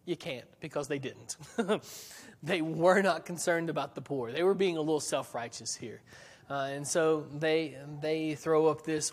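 Man preaching, higher-pitched, chatty, asks listeners questions, long reverb from a large hall. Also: normal speed. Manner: conversational, asks the congregation questions. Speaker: pastor. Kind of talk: sermon.

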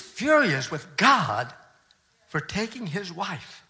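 An older man, a pastor, telling a story in a sermon, animated at times and dropping to a soft near-whisper in the quiet parts. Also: high voice, measured pace, pauses often.

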